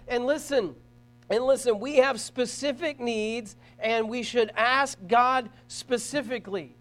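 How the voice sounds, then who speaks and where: High-voiced man preaching a sermon. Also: measured pace, fairly bright tone. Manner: earnest preaching with rising emphasis and repeated phrases. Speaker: pastor. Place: church.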